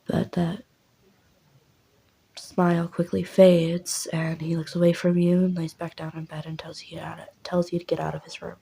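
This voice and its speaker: A woman's voice: lowish voice, completely flat delivery, normal speed, gravelly, warm tone, low-quality recording. A young woman rambling through a second-person story with many fillers, in whispered role-play.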